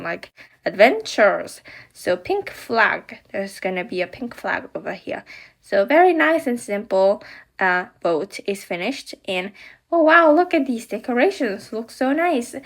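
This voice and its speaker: A woman reviewing and building a toy set, chatty and enthusiastic with many fillers. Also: medium pitch.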